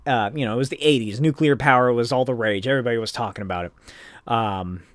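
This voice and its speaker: A man's voice: mid-range voice, fast, no echo, studio quality. A man hosting a podcast, recapping a comic book in a casual, rambling way with lots of filler words. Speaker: podcast host.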